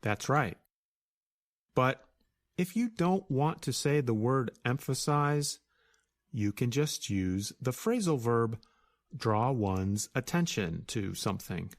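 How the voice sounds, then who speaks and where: A man co-hosting an English lesson, explaining grammar clearly and deliberately and spelling words out. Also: mid-range voice, animated. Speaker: co-host and English teacher. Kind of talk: scripted teaching dialogue.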